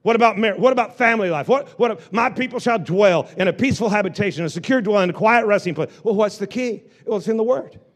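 A male pastor preaching a lively sermon to a live congregation, repeating phrases and joking with the people in the pews. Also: sits high, quick pace, few pauses. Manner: animated preaching with repetitions and asides to the congregation.

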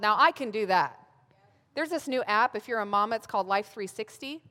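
A woman's voice: mid-range voice, expressive, brisk, bright, forceful tone. Joking woman preacher, hall echo. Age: 30s. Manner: humorous, self-mocking storytelling. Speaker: pastor speaking at a women's gathering. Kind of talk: sermon. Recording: long hall reverb.

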